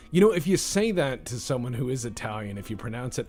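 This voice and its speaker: A man's voice: mid-range voice, expressive, brisk, vocal fry, few pauses, a little mellow, faint music behind. A man hosting a let's-play video, chatting casually in a rambling, profane, self-deprecating way. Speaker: gaming channel host.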